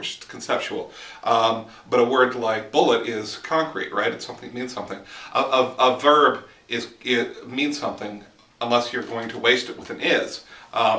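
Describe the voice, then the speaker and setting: A man's voice: medium pitch, pushed and bright, echoey room, far from the mic. A man teaching writing in a casual, explanatory monologue while walking outdoors in the woods, filming on a handheld camera. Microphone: handheld camera mic.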